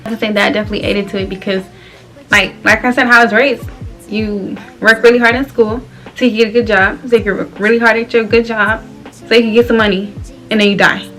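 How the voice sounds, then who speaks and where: A woman's voice: mid-range voice, fairly even intonation, quick pace, fairly bright tone, soft background music. A young woman in her twenties from Florida, talking candidly and loosely with slang and frequent laughs while doing her hair for a vlog. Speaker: vlogger.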